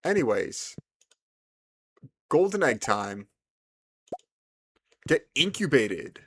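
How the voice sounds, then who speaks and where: A man's voice: mid-range voice, drawn-out words, a little hiss or hum. A man giving casual, playful commentary while he plays a farming video game. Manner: animated, playful, chatty. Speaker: gaming video host.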